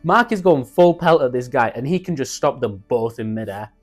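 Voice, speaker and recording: A young man excitedly recapping a show in casual slang, acting out the characters' lines as he goes. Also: medium pitch, moderate pace, soft background music. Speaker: YouTube reviewer.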